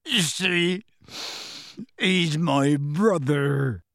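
A man voicing a big, bearded half-giant man who speaks in rough, homely grammar, earnest and close to tears. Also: medium pitch, sing-song, slow, no echo, heavily acted. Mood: earnest, pleading.

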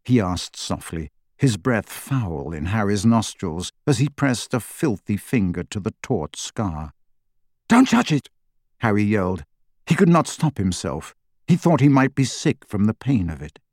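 Man narrating a fantasy book, lively up-and-down delivery, dry close mic. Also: fairly low pitch, a little slow, no echo. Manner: expressive, dramatic reading. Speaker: audiobook narrator.

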